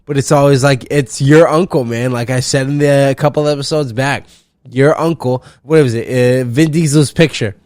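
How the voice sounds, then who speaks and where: A man's voice: mid-range voice, steady tone, normal speed, darkish tone, dry recording, studio quality. Profane, rambling young man. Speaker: podcast host. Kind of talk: solo comedic podcast rant.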